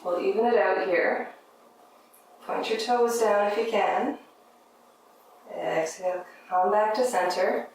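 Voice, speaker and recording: A woman teaching a yoga class, giving gentle, encouraging step-by-step cues for breath and movement. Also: mid-range voice, slow, long pauses, slight background noise. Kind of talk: guided yoga class instruction. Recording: very echoey room, mic at a distance.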